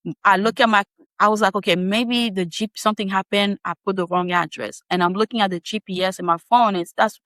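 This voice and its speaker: A woman guest on a podcast, telling a personal story in a casual, animated way with frequent laughs and quick asides. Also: medium pitch, no echo.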